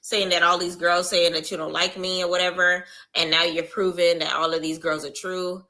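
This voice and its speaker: A woman with a Southern US accent streams her reactions to a reality show live. Her voice is very bright and cutting, and her slangy, animated commentary is broken up by frequent laughs. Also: on the low side, normal speed.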